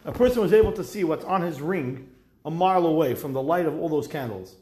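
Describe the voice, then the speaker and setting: A man teaches a Talmud lesson, translating each phrase and then retelling it as a lively story full of wry asides. His voice sits a little high. The recording picks up a noticeable echo from the room around him. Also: fairly quick, a little hiss or hum. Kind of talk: Talmud class lecture.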